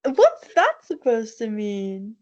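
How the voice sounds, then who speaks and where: Slow, deadpan sarcastic woman co-host. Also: fairly high pitch, highs cut off. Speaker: podcast co-host. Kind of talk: casual chat.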